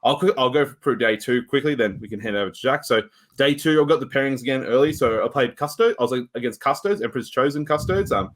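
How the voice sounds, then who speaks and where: A man co-hosts a casual podcast and rambles through his games with a mid-pitched voice. He keeps shrugging things off as he talks, in loose, chatty phrasing. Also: animated, fast. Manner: rambling game recap with frequent shrugging asides. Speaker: podcast co-host.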